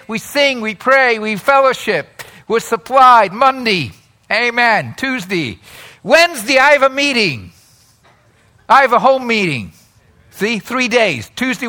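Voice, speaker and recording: A man's voice: very high voice, bright, forceful tone. A man preaching a sermon in a chatty way, asking the congregation questions and laughing often. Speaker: pastor.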